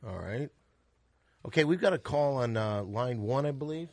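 A man hosting a comedy podcast, lively, taking calls and steering the talk. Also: medium pitch, moderate pace, creaky. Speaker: host.

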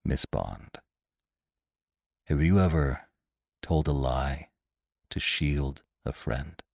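Man doing a relentless detective, low voice, clipped, sharp, dry close sound. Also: huge pitch swings, very slow, slightly rough, dry recording, heavily acted. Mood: hushed. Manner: clipped, sharp word-firing. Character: cool, relentless male scientific detective.

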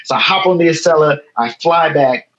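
A man in his thirties from Chicago, a guest in a casual interview, telling a story in a lively way and acting out the lines of other people. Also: a little high, a little fast, dull audio. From Chicago, USA. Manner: animated, acts out quoted dialogue. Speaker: guest photo editor.

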